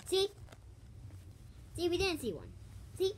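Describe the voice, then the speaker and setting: A bewildered animatronic, played in a fan role-play, rambling and hesitant with a high, bouncy voice. Talk is unhurried, with plain background noise behind it. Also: huge pitch swings, exaggerated voice.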